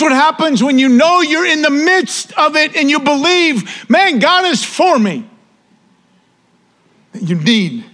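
A male pastor preaching a sermon, repeating key phrases and building fervor, sometimes dropping to a hushed intensity. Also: very high voice.

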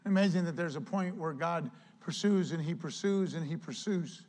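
A male pastor preaching a sermon with lively delivery, acting out quoted voices. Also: fairly high pitch, normal speed.

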